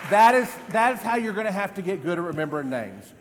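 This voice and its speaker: A man in his fifties giving an energetic live stage demonstration as a memory trainer, quizzing the audience with repeated questions. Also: high-pitched, fast, crowd noise, noisy background. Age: 50s. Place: large event hall. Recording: long hall reverb.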